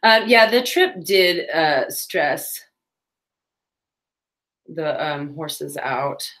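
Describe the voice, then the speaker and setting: Lady chatting while she paints, kinda low voice, says y'all a lot. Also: animated, very slow, fairly bright tone. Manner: chatty, drawls "y'all", playful asides. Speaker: crafting livestream host. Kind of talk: casual chatty livestream.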